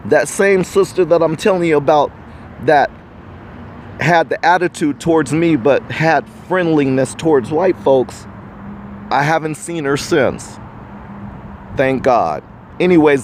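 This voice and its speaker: A man's voice: fairly high pitch, a little mellow, a little hiss or hum. An American man hosting a podcast, giving a preachy, indignant opinion monologue to the viewer. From United States. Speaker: podcast host.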